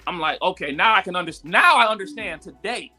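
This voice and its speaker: A man telling a story in casual live-stream talk, animated and full of "like" and "yo", jumping high when he quotes people. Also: fairly quick, over music. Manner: animated, acts out quotes with sudden high pitch jumps; frequent fillers "like" and "yo". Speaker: guest entrepreneur.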